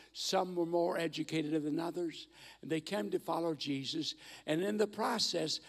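An older man in his eighties preaches as a guest speaker, telling stories with folksy humor. His voice sits a bit high and has a gravelly edge. The sound carries the long reverb of a big church sanctuary. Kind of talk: sermon.

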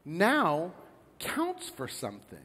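Man, pastor, sermon, high-pitched, storytelling, long church reverb. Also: slow pace, breathy edge. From United States. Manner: storytelling, animated, acts out characters in a joke. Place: church sanctuary.

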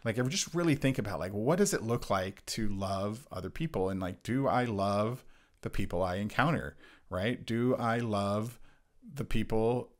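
A man co-hosting a church Bible discussion, talking in an earnest, halting way with many restarts. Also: on the low side. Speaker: church podcast co-host. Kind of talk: casual reflective Bible discussion.

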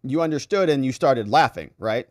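A man's voice: medium pitch, animated, normal speed, dry recording, clean studio sound, natural voice. A man quoting a blunt male defense attorney, read in a pressing, sarcastic tone.

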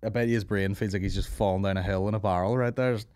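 A man's voice: lowish voice, fairly even intonation, fast, a little mellow, smooth, dry recording. A man hosting a comedy podcast, rambling through crude, swearing banter with jokes and asides.

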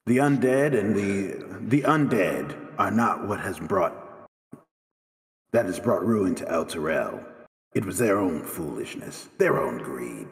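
A man voicing a stern, scornful old female hag who trades in contracts, speaking low and cold. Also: sing-song, measured pace, vocal fry, reverberant, long reverb tail, full character voice. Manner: cold, unforgiving. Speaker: character voiced by game master.

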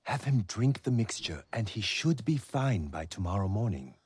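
A man playing a calm, knowledgeable village healer in a video game, giving careful, measured instructions. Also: on the low side, slightly rough, heavily acted. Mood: instructive.

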